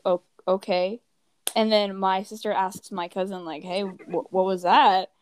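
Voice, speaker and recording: A woman's voice: medium pitch, flat delivery, unhurried, a little mellow, smooth. A teenage girl from the United States telling casual travel stories, rambling and leaning on "like" while acting out what people said. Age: teens. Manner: rambling, heavy use of "like", acts out quoted people. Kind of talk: casual chat.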